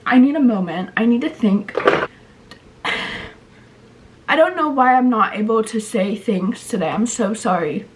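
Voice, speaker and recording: A woman's voice: a little high, animated, a little slow, long pauses. A woman in her twenties chatting casually to her camera in a vlog, rambling with lots of "like" and restarts while her throat is sore and her voice sounds off. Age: 20s. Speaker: vlogger. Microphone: handheld compact camera.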